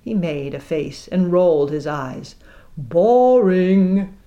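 A woman reading an audiobook aloud in a measured, expressive way. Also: deep voice, highs cut off. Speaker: narrator. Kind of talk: audiobook narration.

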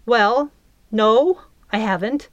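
A sharp-tongued, bossy little know-it-all girl, as a woman reads her part. Her voice sits higher and louder than the narration, clipped and impatient, with a dry, close sound. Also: takes it slowly, no room sound, lo-fi sound.

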